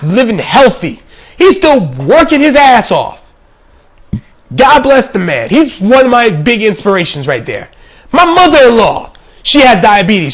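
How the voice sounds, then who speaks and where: Young male ranter, very high and animated voice, sarcastic and foul-mouthed, bursts into shouting. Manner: angry, sarcastic, swearing constantly, shouts and mocks. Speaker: vlog ranter. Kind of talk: profane comedic rant.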